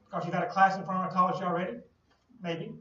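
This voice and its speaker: A man's voice: high-pitched, flat delivery, quick pace, fairly bright tone. A man giving a classroom lecture, explaining with playful everyday analogies and questions to the class. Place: lecture hall. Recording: distant, echoey lo-fi classroom recording.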